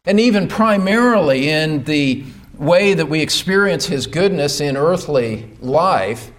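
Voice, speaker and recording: High-voiced, slow, emphatic male preacher. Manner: emphatic, builds to loud rhetorical questions. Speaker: pastor. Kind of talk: sermon. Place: church pulpit.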